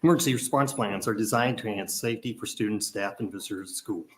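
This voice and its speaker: A man reading formal testimony at a legislative committee hearing, audibly out of breath and clearing his throat between passages. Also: lowish voice, a bit bright, rough recording. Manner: reads prepared remarks, pauses to clear throat. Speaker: advocacy testifier.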